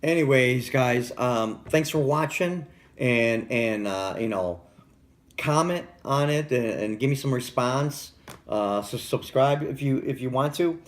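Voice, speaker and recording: A man's voice: medium pitch, unhurried. A middle-aged man vlogging in a casual, rambling way, stumbling over restarts and repeated words.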